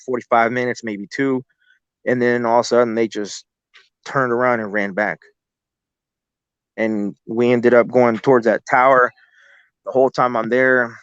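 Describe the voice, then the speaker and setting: A man's voice: mid-range voice, dry recording. A man casually telling a long story as a guest, swearing freely and rambling with restarts. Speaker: guest telling encounter stories. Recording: slightly dull lo-fi audio.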